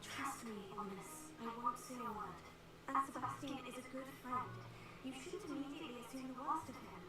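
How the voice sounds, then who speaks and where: A woman voicing a polite young fifth-year student who calmly tries to smooth things over in a video game. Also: high-pitched, brisk, natural voice. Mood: placating. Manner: calm, conciliatory. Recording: echoey distant game audio with loud music.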